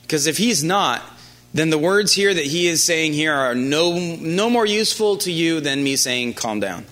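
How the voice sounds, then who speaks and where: Bright-voiced man preaching conversationally. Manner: conversational, halting restarts with quiet, low-pitched quoted lines. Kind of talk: sermon.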